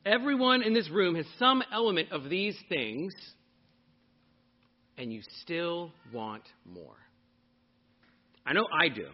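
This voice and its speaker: A male pastor preaching before a congregation, his voice pitched high for a man and swinging widely in tone. He teaches with energy, often turning to the room with questions. The recording sounds dull and lo-fi. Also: big pitch swings, takes it slowly, pauses often. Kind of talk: sermon.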